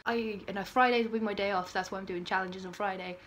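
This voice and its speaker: A woman's voice: mid-range voice, steady tone, quick pace, fairly bright tone, slight background noise. A teenage girl, chatting casually in a bubbly, giggly vlog style with dramatic outbursts. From United Kingdom. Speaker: vlogger.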